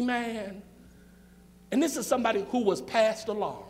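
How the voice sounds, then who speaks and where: A man's voice: sits high, moderate pace. A male pastor, preaching a sermon in a church with rhythmic, repetitive phrasing and call and response.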